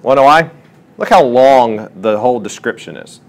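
During a classroom chemistry lesson, a man tutors the class and asks students questions while solving problems. He speaks at a moderate pace in a mid-range voice, with lively, questioning teacher talk.

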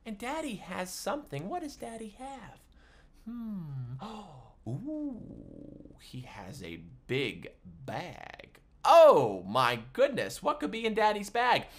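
A man teaching a livestreamed music class for small children, talking in an animated, sing-song way. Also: high voice, slow.

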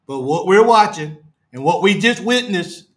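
A man hosting a fan podcast, ranting on a live stream in a distraught, halting way, repeating himself and trailing off low. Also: lively intonation. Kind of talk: emotional live-stream rant. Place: his apartment.

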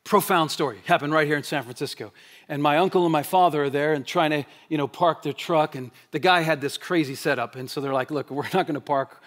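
A man preaching a sermon as pastor. He asks the congregation rhetorical questions, drives points hard, then drops to a hushed, quiet delivery. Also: on the high side, a little fast. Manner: animated preaching, rhetorical questions, swings between loud emphasis and hushed quiet. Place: church sanctuary.

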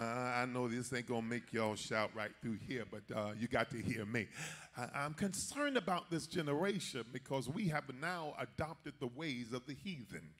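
A male bishop delivers a sermon in a slow, unhurried way. His voice is husky, and his folksy manner has him speaking straight to the congregation. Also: medium pitch. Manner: folksy preaching, addresses the congregation directly.

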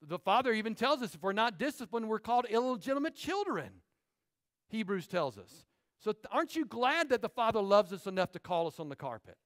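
The sermon comes from a pastor with a high male voice, preaching in an animated style in the church sanctuary while firing off short asides to the congregation.

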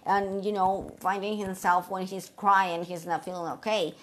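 Earnest middle-aged woman with halting phrasing. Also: medium pitch, level tone, a little hiss or hum. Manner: earnest, repeats herself, speaks in short halting phrases. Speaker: vlogger giving life advice. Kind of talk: casual talk to camera.

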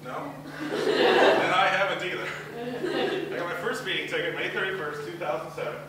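Audience laughter and crowd ambience fill this distant, very echoey hall recording of a university talent show, where a young student comic with a high-pitched voice performs. His stand-up is rambling and self-deprecating, with quick acted-out asides, over a noisy background.

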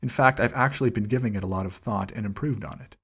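A man reading a personal journal aloud in a steady, measured first-person delivery, with dates read out slowly. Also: lowish voice, slightly rough. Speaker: channel host reading a document aloud.

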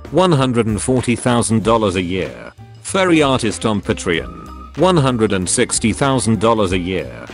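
Meme narrator, male, deep-ish voice, deadpan read of funny posts over soft music. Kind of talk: reading funny posts aloud.

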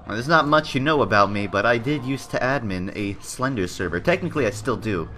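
A man's voice: mid-range voice, lively intonation, brisk, sharp tone, slight background noise. A man giving jokey, sarcastic commentary over game footage as the host of a gaming channel. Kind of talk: gameplay commentary.

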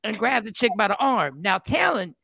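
A man telling a funny story in casual chat, self-mocking and relaxed. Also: sits high, moderate pace, gravelly, no room sound, studio quality. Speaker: podcast co-host.

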